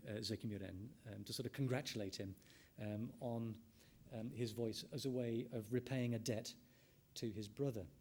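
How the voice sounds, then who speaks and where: A middle-aged ethnomusicologist speaks at a conference in a medium-pitched, darkish voice. His lecture is measured, with thinking aloud, restated phrases, and frequent ums.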